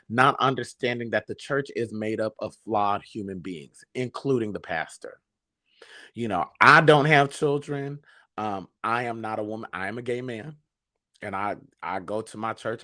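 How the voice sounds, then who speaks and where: A man's voice: lowish voice, fairly bright tone, no echo, studio quality. A man hosting a talk show, telling stories and giving a preachy, sassy reflection that calls listeners baby. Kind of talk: casual talk show monologue.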